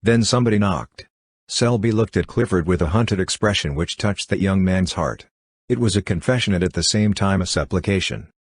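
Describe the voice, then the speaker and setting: A man with a very low, husky voice narrates a classic book in a steady, even way. The sound is dry and close. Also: a little fast, no room sound. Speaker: audiobook narrator. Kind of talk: scripted narration.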